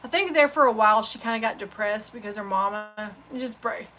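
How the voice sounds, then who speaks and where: A woman's voice: mid-range voice, brisk, fairly bright tone. A woman hosting a sewing channel, chatting casually on a livestream and telling heartfelt, rambling stories.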